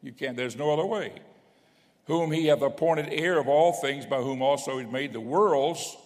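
A man's voice: on the high side, moderate pace, darkish tone. A man preaching a sermon as a bishop, emphatic, with stumbling restarts and frequent checks that the congregation is following. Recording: long hall reverb.

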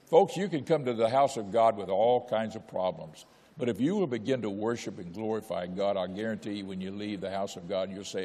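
A man's voice: lowish voice, fairly quick, dark tone, long reverb tail. An older man preaching a sermon, exhorting with repetition and telling folksy personal stories. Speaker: pastor.

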